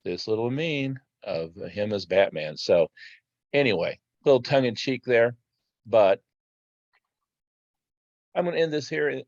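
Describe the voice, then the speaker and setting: A man with a lowish voice gives casual commentary over slides for his crypto channel. He talks in a halting way, often stopping, restarting and filling gaps with "uh". The sound is dry and a little dull, like a modest home mic. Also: a little mellow, no room sound. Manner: halting, with many "uh" fillers and restarts. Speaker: crypto video host.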